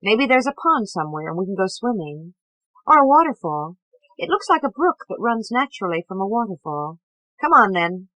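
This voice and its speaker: A woman's voice: medium pitch, moderate pace, dry recording, low-quality recording. A woman reading a playful young man who banters wryly and idly. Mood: teasing. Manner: wry, idle banter; nasal monotone when singing. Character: playful, teasing young man with a mocking wit.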